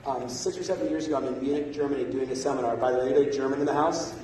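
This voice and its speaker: A man's voice: mid-range voice, fairly even intonation, rapid-fire, darkish tone, far from the mic, a little hiss or hum. Punchy male seminar speaker in echoey hall. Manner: punchy, keeps checking in with the crowd. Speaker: keynote sales speaker. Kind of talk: motivational seminar talk. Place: large conference hall. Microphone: phone recording from the audience.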